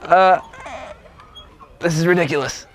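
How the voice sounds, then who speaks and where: A young man vlogging outdoors at his childhood home, talking in an excitable, slangy way full of "like" and "bro.". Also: a little high, a little slow. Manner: excitable, slangy, lots of 'like' and 'bro'. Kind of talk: casual on-location vlog. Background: guitar music.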